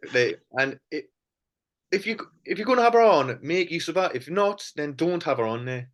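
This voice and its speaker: Animated Geordie man, high lively voice. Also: normal speed. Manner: passionate, animated, swears freely. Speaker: podcast co-host. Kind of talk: casual chat.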